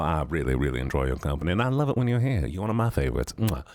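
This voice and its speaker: A young man with a very deep voice that swings widely in pitch, chatting playfully and rambling to his stream viewers. He holds the microphone in his hand, and the sound is close and dry. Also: expressive, very fast, hardly any pauses, a little mellow, dry recording. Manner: playful, rambling, teasing chat. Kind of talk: casual chat with viewers. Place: home streaming setup. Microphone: handheld studio microphone.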